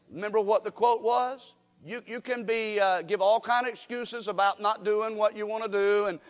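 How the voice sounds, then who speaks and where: A man's voice: extremely high pitch, expressive, moderate pace, a bit bright, big-room sound. An older man preaching a sermon in a church, folksy and emphatic, leading the congregation in call-and-response. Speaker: guest preacher.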